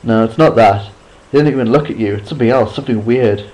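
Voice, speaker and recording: A man voicing a sporty, joking teenage boy, with urgent lines that rise to shouts when he is hurt. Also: medium pitch, quick pace, close to an everyday voice, rough recording. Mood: uneasy.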